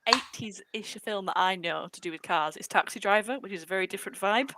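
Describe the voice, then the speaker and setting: A woman's voice: mid-range voice, brisk, bright, forceful tone, rough recording. A young woman co-hosting a casual live chat, chatty and laughing often. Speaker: co-host, former brewery worker.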